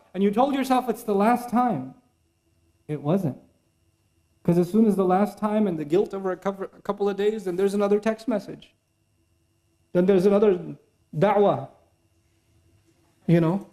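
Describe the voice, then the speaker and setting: Animated higher-pitched male preacher. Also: moderate pace, long pauses. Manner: animated, acts out inner voices and temptations; mixes Quranic Arabic recitation into English talk. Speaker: Islamic preacher. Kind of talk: religious lecture.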